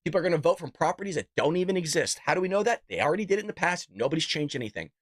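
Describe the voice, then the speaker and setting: A man's voice: a little high, expressive, rapid-fire, no room sound, clean studio sound. Fired-up ranting male commentary host. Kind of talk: unscripted livestream commentary. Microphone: desk microphone and camera.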